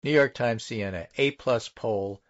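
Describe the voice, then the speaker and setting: A man's voice: mid-range voice, a little slow. A man hosting a casual political talk show, running through poll numbers with emphasis. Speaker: political podcast host. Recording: dull lo-fi audio.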